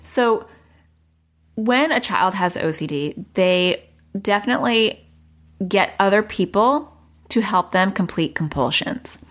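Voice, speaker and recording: A woman from New York hosting an educational podcast, explaining points in a direct way with quick asides. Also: mid-range voice, animated. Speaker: podcast host.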